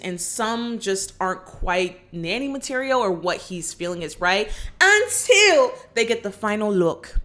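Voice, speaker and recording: A woman's voice: medium pitch, bright, forceful tone. A woman casually recapping a film plot in a chatty way, full of asides and fillers. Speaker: film reaction reviewer.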